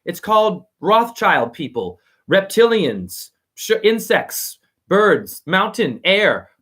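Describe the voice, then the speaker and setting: A man's voice: high-pitched, big pitch swings, takes it slowly, sharp tone, husky. A man giving a rambling, profane, preachy livestream monologue while reading out viewer comments.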